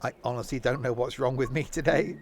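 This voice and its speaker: A man's voice: medium pitch, brisk, slight background noise. A man streaming a train simulator, chatting casually and jokily while doing silly mock passenger announcements. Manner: chatty, silly, jokey asides.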